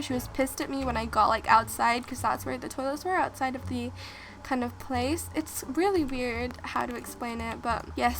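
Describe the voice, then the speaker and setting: A woman's voice: high-pitched, fairly bright tone, a little hiss or hum. A woman vlogger telling a story in a chatty, rambling way with lots of restarts while playing a game. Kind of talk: casual storytime while gaming.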